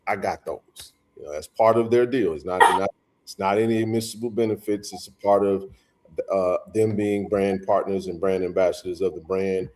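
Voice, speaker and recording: Man hosting a casual stream; low, mellow voice; loose, rambling delivery. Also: fairly even intonation, normal speed, a little hiss or hum. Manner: rambling, frequent restarts and fillers. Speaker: host. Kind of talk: casual livestream chat.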